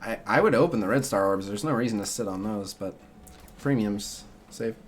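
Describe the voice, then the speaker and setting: Over slight background noise, this young man speaks at normal speed in a lowish voice while streaming a mobile game. He answers viewers casually and rambles, dropping plenty of "uh" and "like" fillers.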